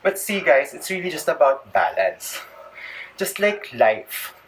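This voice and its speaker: A man's voice: fairly high pitch, big pitch swings, a little slow, a bit bright. Filipino guy talking through yoga stretches, kinda out of breath, far off mic, faint noise behind. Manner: chatty, switches into Tagalog, jokey asides. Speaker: fitness vlogger. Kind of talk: casual yoga demonstration.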